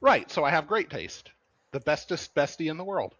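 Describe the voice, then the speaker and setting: A man chatting as a co-host, joking and halting with fillers. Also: a little high, big pitch swings, fairly bright tone, slightly rough, no room sound, muffled recording. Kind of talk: casual podcast chat.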